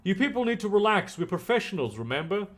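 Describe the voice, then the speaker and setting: A cold, neutral female street fighter speaks in a flat, level way, read out by a man. The voice is fairly high-pitched, and it moves with wide pitch swings as a video game character. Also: fast.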